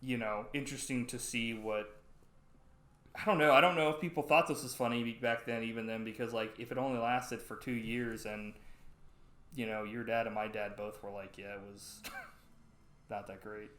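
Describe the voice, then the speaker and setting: Male podcast co-host, middling pitch, rambling storyteller, roomy echo on the voice. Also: normal speed. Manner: rambling, animated retellings with acted-out quotes. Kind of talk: casual chat reviewing old sketches.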